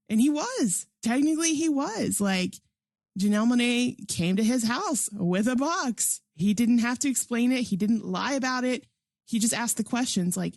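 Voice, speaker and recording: A woman's voice: mid-range voice, expressive, normal speed, creaky, darkish tone, dry recording, clean studio sound. Chatty enthusiastic woman podcast host. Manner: enthusiastic, chatty, heavy use of "like"; laughs often while talking. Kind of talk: casual movie review chat.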